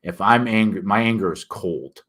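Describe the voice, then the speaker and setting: Older man, Northern US accent, emphatic ranter with a lowish voice, livestream host. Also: moderate pace, a bit bright. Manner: emphatic, ranting, frequent restarts and fillers. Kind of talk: casual ranting monologue.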